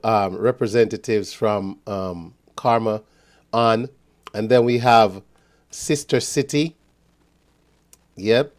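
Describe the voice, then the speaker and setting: A man hosting a live show, giving upbeat announcements and shout-outs to listeners. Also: fairly low pitch. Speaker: radio show host.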